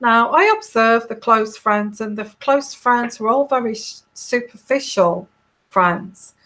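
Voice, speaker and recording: A woman from the UK who reads tarot, recounting a dream in a soft, calm voice, hesitant and full of fillers and restarts. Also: a little high, a little slow. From United Kingdom. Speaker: intuitive tarot reader. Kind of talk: casual monologue recounting a dream.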